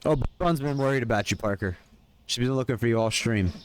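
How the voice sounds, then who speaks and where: A man's voice: medium pitch, brisk, a little hiss or hum. A man live-streaming a game, chatting casually with viewers and calling out in-game orders between questions to chat. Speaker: livestreamer.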